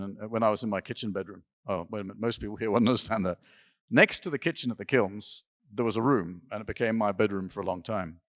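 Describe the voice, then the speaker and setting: Older man telling stories, low voice. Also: no echo, clean studio sound. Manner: rambling anecdotes with laughs and restarts. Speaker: interview guest. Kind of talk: storytelling in an interview. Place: symposium stage.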